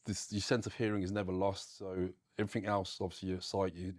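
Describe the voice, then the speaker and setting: Man, deep voice, dry close sound, earnest plain-spoken interview guest. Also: little pitch movement, fast, darkish tone, no echo. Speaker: guest, gym owner. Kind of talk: candid interview storytelling.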